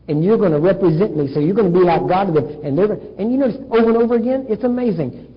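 A man preaches with a husky, high-pitched voice, animatedly telling a Bible story and voicing its characters. The sound is muffled and lo-fi, with a long reverb from a large hall. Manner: animated storytelling, acting out dialogue. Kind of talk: sermon. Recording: dull echoey hall recording.

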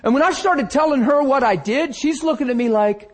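A male preacher telling a personal testimony in a sermon, animated storytelling that acts out the scenes. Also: very high voice, a little fast, hardly any pauses. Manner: animated storytelling, acting out his own crying.

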